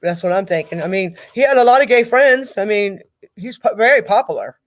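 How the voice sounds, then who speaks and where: A middle-aged woman speaking as a grieving mother in an interview, talking in a halting way and repeating herself. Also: medium pitch, lively intonation. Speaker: guest, mother of a victim. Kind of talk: emotional interview over a call.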